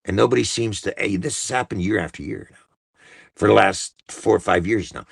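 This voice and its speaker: A man's voice: fairly low pitch, brisk, vocal fry, breathy edge, no room sound, clean studio sound. A man hosting a livestream, delivering a profane, exasperated political rant with heavy emphasis. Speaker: livestream host.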